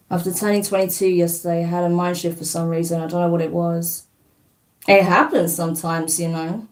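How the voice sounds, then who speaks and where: A woman's voice: fairly low pitch, little pitch movement, brisk, distant mic, low-quality recording. A woman in her thirties, a spiritual reader hosting a live stream, talking casually and rambling with lots of fillers. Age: 30s.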